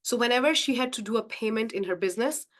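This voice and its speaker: A woman's voice: fairly high pitch, expressive, fast. A woman leading a live-streamed coaching session, speaking effusively and repeating phrases for emphasis. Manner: addresses the audience directly as guys. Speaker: mindset coach hosting a live group session.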